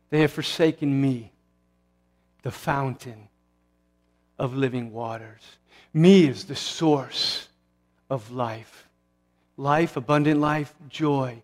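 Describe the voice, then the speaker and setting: A man in his forties giving an earnest, conversational sermon as a pastor, with restarts and asides. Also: medium pitch. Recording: long hall reverb.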